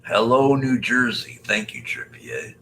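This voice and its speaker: An older man hosts a casual live stream, joking and greeting viewers by name. His voice is bright and forward, and he takes his time. A faint noise sits under the recording. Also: mid-range voice, unhurried, low-quality recording. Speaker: live-stream host reading chat.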